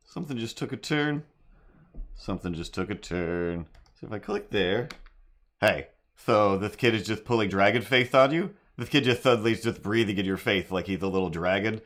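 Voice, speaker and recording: A middle-aged man telling a rambling story on a live stream while drawing, breaking into silly made-up jingles. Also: on the low side. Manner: rambling, animated, sings silly improvised jingles. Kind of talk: casual livestream storytelling.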